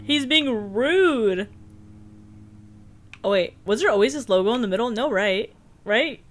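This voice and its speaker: A woman's voice: on the high side, expressive, a little slow. Woman streamer, chatty and giggly, casual rambling talk, desk mic with pop filter. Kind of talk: casual live-stream chat over gameplay.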